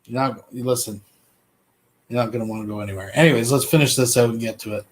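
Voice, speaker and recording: A man's voice: medium pitch, steady tone, quick pace. A man from Canada hosting a live stream, commenting bluntly and talking straight to his viewers.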